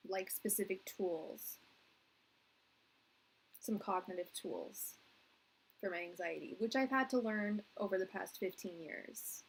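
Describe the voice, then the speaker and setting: A woman's voice: mid-range voice, husky, poor audio. Rambling woman in her thirties reading tarot. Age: 30s. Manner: rambling, earnest, heavy use of "like" and restarts. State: tearing up. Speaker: tarot reader. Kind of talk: live-stream tarot reading.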